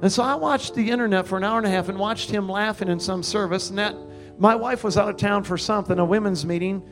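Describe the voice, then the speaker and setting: An older man preaching, telling a story in an animated way and breaking into loud laughs and high exclamations. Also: quick pace, soft background music. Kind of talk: sermon testimony.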